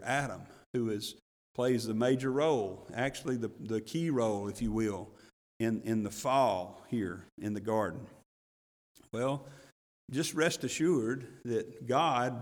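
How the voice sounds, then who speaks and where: A man's voice: mid-range voice, long reverb tail. A male pastor giving a sermon, talking in a folksy way that builds into emphatic, rising bursts.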